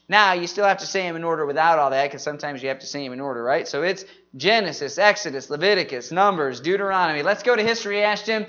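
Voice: mid-range voice, fairly quick, fairly bright tone, highs cut off. A Bible class leader running a group memory drill, talking energetically and often saying "man".

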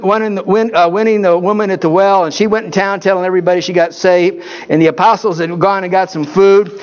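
A man's voice: high voice, dull audio. A man preaching a folksy Baptist sermon, telling stories and repeatedly asking his congregation for an amen.

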